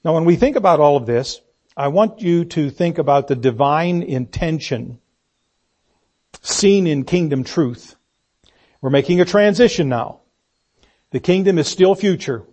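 A man's voice: a little high, darkish tone, husky. A man preaching an expository sermon in a church, emphatic, repeating key phrases and asking the congregation questions.

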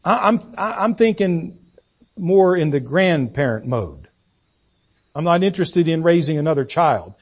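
A man in his sixties, a pastor preaching a folksy, self-deprecating sermon with halting restarts. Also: a little high, sing-song, breathy edge. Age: 60s.

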